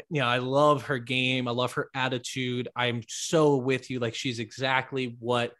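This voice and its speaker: A man's voice: mid-range voice, flat delivery, unhurried, few pauses, fairly bright tone. A man hosting a podcast in casual chat, talkative and enthusiastic. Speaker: podcast host.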